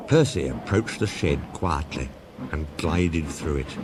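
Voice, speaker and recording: A man narrating a children's railway story in a storybook reading style, over steady background noise. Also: very deep voice, a little slow.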